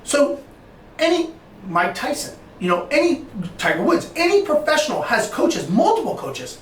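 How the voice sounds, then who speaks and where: A man guesting on a podcast, telling stories in an animated, casual way with quick restarts and repeated phrases. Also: extremely high pitch, recorded from a distance, a little hiss or hum. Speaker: podcast guest, entrepreneur and business coach. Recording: echoey room, voice a bit off-mic.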